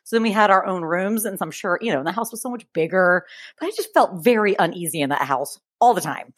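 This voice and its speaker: A woman, co-hosting a podcast and telling a story with lively, acted-out quotes. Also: fast talker, no room sound, clean studio sound. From Texas. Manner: animated storyteller, acts out quotes with big pitch jumps. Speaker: podcast co-host. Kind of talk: casual chat, storytelling.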